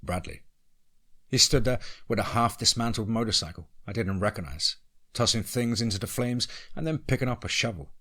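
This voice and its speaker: A man reads a horror story in a measured, tense way. His low voice is husky and breathy but carries a bright, sharp edge. The telling is scripted, steady and careful. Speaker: narrator.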